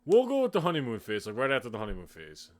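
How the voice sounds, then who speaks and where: A young man hosting a reaction video, animated and chatty. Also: medium pitch, rapid-fire. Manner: animated, laughing. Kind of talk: casual chat.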